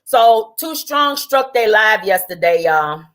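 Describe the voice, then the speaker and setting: Her medium-pitched voice expressive and a bit bright, a woman on her livestream rants furiously at a rival. She swears and picks a fight, dragging out some stretches and rushing through others.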